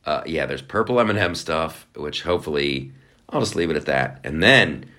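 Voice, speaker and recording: Man, podcast host, very low voice, lively swooping pitch, rambling sarcastic chat. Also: normal speed. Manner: rambling, sarcastic, playful asides. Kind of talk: casual solo podcast talk.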